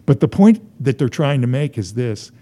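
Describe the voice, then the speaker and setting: A man's voice: mid-range voice, big pitch swings, normal speed, warm tone. A man preaching a sermon as a pastor, driving his points home through emphatic, rising repetition.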